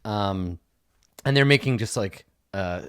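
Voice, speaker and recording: A man's voice: fairly low pitch, slow pace, a bit bright, smooth. A man narrating as game master, casual and rambling, with fillers.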